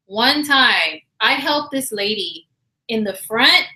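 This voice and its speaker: A woman hosting a livestream chat, telling a story in a casual, animated, slangy way and acting out quotes, her voice slightly hoarse. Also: a little high, slow pace, low-quality recording. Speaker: livestream astrology host.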